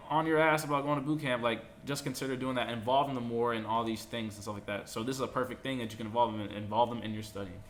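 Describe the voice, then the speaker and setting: A young man speaks quickly to camera in a bright, energetic voice, handing out casual advice. He keeps it loose and animated, now and then breaking into shrill acted outbursts. A faint hum of room sound sits behind him. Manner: fast, animated, acts out drill instructors with shrill outbursts. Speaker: vlogger giving boot camp advice.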